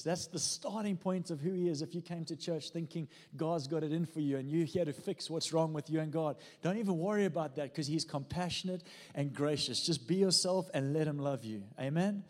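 A man preaching a lively sermon in a church, mixing jokes with prayer and calling on the congregation. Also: a little high, brisk, big-room sound. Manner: fervent preaching with jokes and audience prompts. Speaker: pastor.

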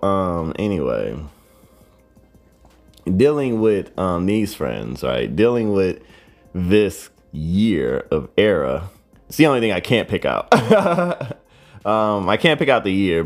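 A young man hosting a podcast, telling a story in a rambling, profane way and adding "right?" after nearly every phrase. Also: deep voice. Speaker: podcast host. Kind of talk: casual solo monologue.

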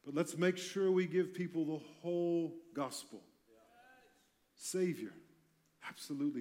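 A man preaching a passionate sermon, swinging between loud emphasis and quiet intensity, with light humorous asides. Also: fairly high pitch, unhurried, long pauses.

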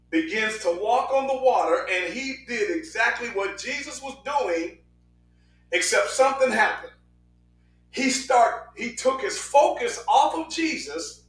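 Man, preacher, high voice, animated sermon, sudden shouts, fast asides, off-mic, echoey room. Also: recorded from a distance.

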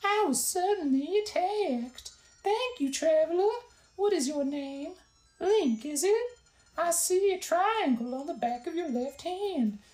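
A woman voicing a timid old female nurse from a video game, in a high, slow, sweet voice. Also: animated, darkish tone, reverberant, faint music behind, poor audio. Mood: frightened, polite.

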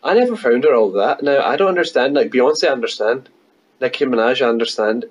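A man's voice: mid-range voice, lively intonation, a little fast, slightly rough, low-quality recording. A young man with a Scottish accent, a podcast guest chatting in a laid-back, joking way and laughing a lot. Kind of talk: casual chat.

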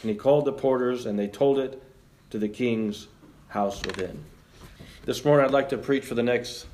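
A man preaching a sermon as pastor, joking with the congregation and reading scripture aloud in an animated way. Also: medium pitch, a little hiss or hum.

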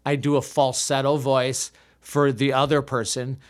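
A man's voice: mid-range voice, little pitch movement, a little slow. A man in his fifties, an improv comedian telling a self-deprecating story in casual chat, with frequent restarts. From United States. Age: 50s. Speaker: podcast guest, improv comedian.

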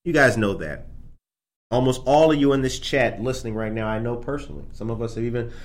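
A man's voice: medium pitch, fairly quick. A man hosting a casual morning podcast, chatting animatedly straight to his live viewers. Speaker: podcast host. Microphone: streamed on camera.

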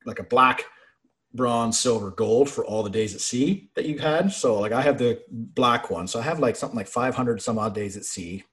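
A young man telling profane, animated stories from his naval service in casual chat. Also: medium pitch, moderate pace.

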